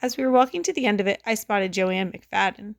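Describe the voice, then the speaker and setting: A woman reading aloud, narrating a children's story in the first person in a lively way. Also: medium pitch, brisk, vocal fry, dry recording, clean studio sound. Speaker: audiobook reader.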